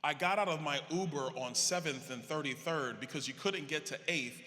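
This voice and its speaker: A man giving a political convention speech, telling stories to a live audience with animated energy, acting out the dialogue. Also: a little high, normal speed. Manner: animated, acts out quoted dialogue. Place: large convention hall. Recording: reverberant hall with faint crowd ambience.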